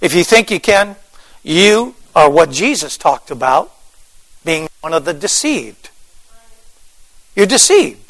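A man preaching a fervent sermon, repeating phrases and rising into shouts. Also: on the high side, very animated, slow pace, pauses often, poor audio. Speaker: pastor.

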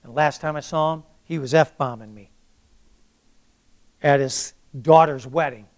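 An older man preaching a sermon, reading scripture with booming emphasis and then telling a personal story in a plain, conversational way. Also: fairly even intonation, a little slow.

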